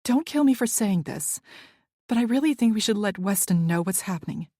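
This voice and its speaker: A woman reading an audiobook, voicing a brash, impatient young woman friend who talks loudly and bluntly. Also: mid-range voice, lively intonation, normal speed, no echo, clean studio sound, close to an everyday voice. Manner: loud and blunt.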